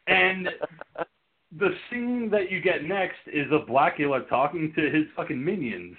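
A man's voice: fairly high pitch, animated, unhurried, a little hiss or hum. A man hosting a casual horror film review podcast, laughing often and swearing freely as he retells scenes. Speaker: podcast host. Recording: tinny phone-like line.

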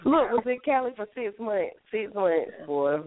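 A woman's voice: medium pitch, lively intonation, moderate pace. A woman co-hosting a casual podcast, teasing and reacting to the banter. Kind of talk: casual chat. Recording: dry, phone-like narrow sound.

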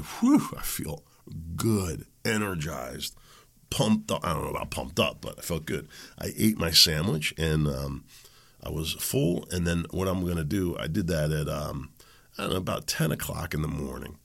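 Man, middle-aged, very deep voice, podcast host, frank rambling talk, lots of ums. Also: lively intonation, a little fast, creaky, fairly bright tone, slightly rough. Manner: rambling, chatty, frank, with frequent ums and self-corrections. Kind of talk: casual solo podcast monologue.

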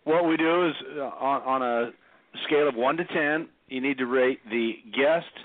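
Deliberate man explaining over a tinny line. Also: medium pitch, no room sound. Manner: deliberate, slightly formal explaining. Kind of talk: casual talk-show explanation. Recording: dry tinny phone-line audio.

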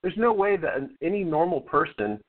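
A man's voice: on the high side, sing-song, a little fast. A man calling into a radio show, arguing his point earnestly with frequent restarts. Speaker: caller. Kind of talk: call-in phone conversation. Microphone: telephone. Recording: tinny phone line.

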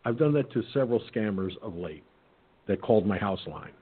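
A man's voice: fairly low pitch, lively intonation, a little fast, husky. A man hosting a call-in radio show, telling stories in a blunt, profane way, over a phone-like line. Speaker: talk radio host.

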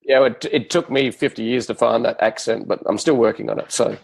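A man in his fifties with an Adelaide Australian accent, a guest on a live podcast, relaxed and joking. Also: medium pitch, a little fast, gravelly, breathy edge, rough recording. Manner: relaxed, easygoing, joking with laughs.

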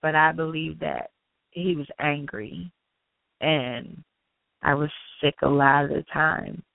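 A woman from Annapolis, Maryland tells her story as a guest, voicing each person in it. Her voice has a gravelly fry to it. The sound is dry and tinny, like a phone line. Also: low-pitched, takes it slowly, no echo. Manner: animated, acts out dialogue.

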